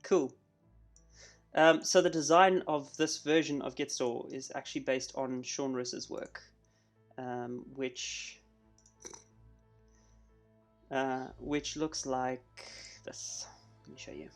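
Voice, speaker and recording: A man streaming a live coding session, chatting casually and thinking out loud as he works. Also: medium pitch, fairly even intonation, slow pace, pauses often, soft background music.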